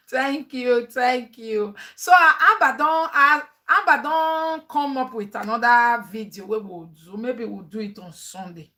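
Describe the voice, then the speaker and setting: A Nigerian-accented mother talks to her audience in a lively, chatty family vlog voice. Her tone is sharp and bright, sitting a little high, and she laughs often, slipping between English and pidgin.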